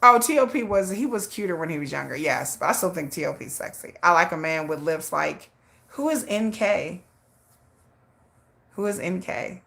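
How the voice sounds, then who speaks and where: A woman hosting a casual livestream, telling stories with lively swings in her voice, acting out her friend's lines and answering viewer chat. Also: medium pitch, fairly quick, gravelly. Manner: animated storytelling, acting out a friend's lines, frequent laughs. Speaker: livestream host.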